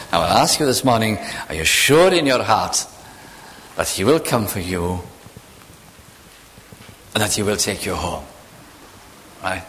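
A man preaching a sermon, shifting between hushed, low passages and raised, urgent ones. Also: animated, measured pace, long pauses. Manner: dramatic swings between hushed and raised delivery. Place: church. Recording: echoey hall with long reverb.

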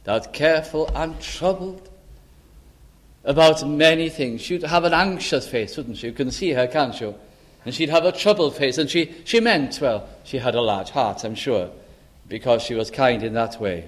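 A man preaching a sermon in a slow, deliberate and emphatic way, with dramatic pauses. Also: medium pitch, expressive.

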